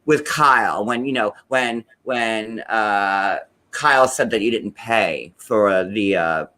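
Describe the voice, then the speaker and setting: A man's voice: fairly low pitch, takes it slowly, pushed and bright. A man co-hosting a casual recap chat, rambling with lots of fillers and restarts. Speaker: co-host recapping a reality show.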